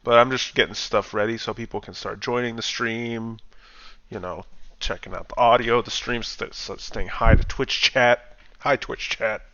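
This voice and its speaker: A man's voice: mid-range voice, fairly even intonation, moderate pace, pushed and bright, lo-fi sound, a little hiss or hum. A man hosting a livestream, chatting and joking before a meeting starts. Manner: upbeat, laughing banter. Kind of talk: casual livestream chat.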